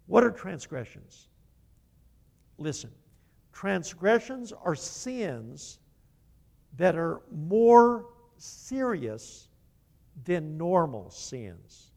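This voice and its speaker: A male pastor preaching slowly and deliberately, with a gravelly edge to his voice and a pitch that climbs and falls widely. He hammers key phrases by repeating them. His voice carries the long reverb of a hall. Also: sing-song. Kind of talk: sermon.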